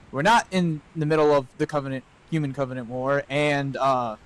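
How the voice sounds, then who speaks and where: Male streamer, slightly high voice, playful and jokey, casual stream chat. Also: a bit bright, poor audio. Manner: playful, joking, swears freely. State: out of breath. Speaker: VTuber streamer.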